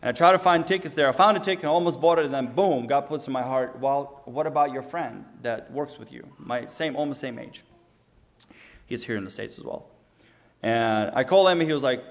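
A man's voice: on the high side, expressive, a little fast. A young man from Ukraine, telling a personal testimony in an earnest, casual way and acting out the dialogue. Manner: earnest, frequent restarts, acts out quoted dialogue. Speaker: storyteller giving testimony.

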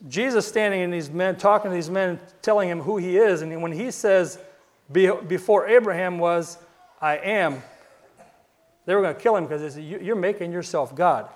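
Guy preaching, kinda high voice, chatty storytelling, trips over words, goes quiet for the big lines. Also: normal speed. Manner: conversational storytelling with repeated words and restarts. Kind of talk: sermon.

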